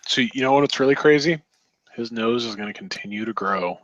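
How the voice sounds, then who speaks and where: A man's voice: medium pitch, brisk, fairly bright tone, dry recording, highs cut off. A man co-hosting a casual podcast, making dry, wry asides. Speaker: podcast co-host. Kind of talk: casual group chat.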